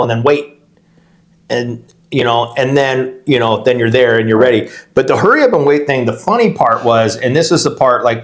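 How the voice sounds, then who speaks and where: Rambling middle-aged man hosting a podcast. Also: medium pitch. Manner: rambling, self-interrupting, laughs while telling stories. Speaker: podcast co-host, real estate agent. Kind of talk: casual podcast chat.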